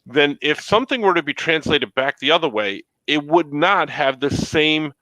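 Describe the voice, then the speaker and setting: Guy with a bright mid voice, jokey, arguing his side on a podcast, dry sound. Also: fairly high pitch, expressive, moderate pace, no echo, poor audio. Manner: joking, argumentative. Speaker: podcast co-host. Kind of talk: casual chat.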